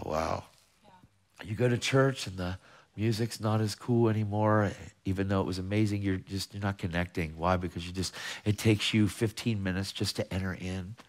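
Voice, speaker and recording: A fervent man preaching to a congregation, firing off rhetorical questions with emphatic energy. His voice sits at a middling pitch with an ordinary, unforced timbre, and he swings from urgent bursts down to quiet, pointed asides. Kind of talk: sermon.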